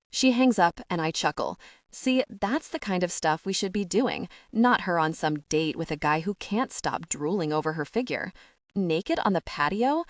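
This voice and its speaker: A woman reading a romance audiobook in the first person, lively and conversational. Her voice sits low for a woman. The recording is close and bone-dry, with no room sound. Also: normal speed, no echo. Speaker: audiobook narrator.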